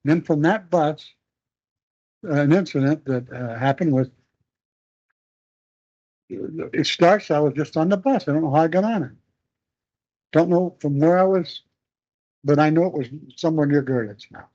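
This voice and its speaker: An older man being interviewed, telling a long war memory in a halting, rambling way with many restarts. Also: fairly high pitch, warm tone. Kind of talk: oral history storytelling. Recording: dull lo-fi recording.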